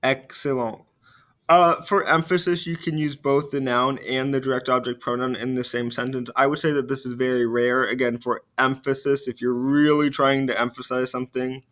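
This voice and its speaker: A man teaching a recorded French grammar lesson. He explains step by step, slows down to model the French phrases, and drops quietly at the ends of phrases. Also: mid-range voice, fairly even intonation. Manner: frequent fillers, trails off quietly at phrase ends.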